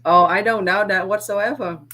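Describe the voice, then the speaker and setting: A woman's voice: medium pitch, fairly even intonation, normal speed, bright, forceful tone. A woman appearing as a guest on a casual livestream, chatting and laughing easily.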